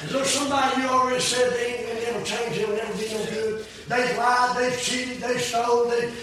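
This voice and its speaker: Older male preacher, high and bright, fiery and folksy; echoey room, off-mic. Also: steady tone, fairly quick, far from the mic, a little hiss or hum. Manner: swings between shouted peaks and low, quiet asides; folksy plain-spoken preaching. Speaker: preacher giving his testimony. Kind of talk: fiery sermon.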